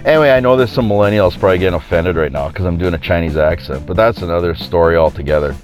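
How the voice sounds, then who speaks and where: A man's voice: low voice, rapid-fire. Guy doing his podcast, rambly and opinionated, laughs at his own jokes, bit of music under it. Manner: rambling, joking, chuckles at his own lines. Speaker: podcast host. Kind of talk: casual opinionated monologue.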